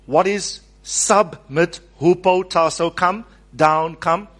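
A man preaching a sermon, animated, calling on the congregation to repeat his words and acting out the quoted speech. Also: high voice, takes it slowly.

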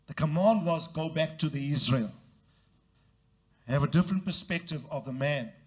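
High-voiced male preacher, call-and-response. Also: normal speed. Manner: call-and-response preaching, has congregation repeat phrases; acts out quoted voices with big jumps in pitch. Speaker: pastor. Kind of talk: sermon.

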